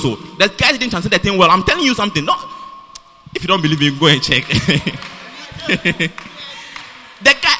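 A high, bright-voiced man preaching with a lively, swooping delivery. He repeats and restarts his phrases emphatically, and his voice rings with the long reverb of a church hall. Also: a little fast, a little hiss or hum. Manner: animated, repetitive, emphatic with many restarts. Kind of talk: sermon.

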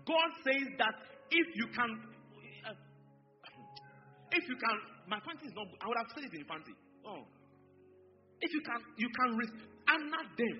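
A man's voice: high-pitched, fast. A man in his thirties or forties with a Ghanaian English accent, preaching a sermon, repeating phrases and calling out to his congregation. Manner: animated, repeats phrases, addresses congregation directly. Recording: echoey hall, dull sound, faint music behind.

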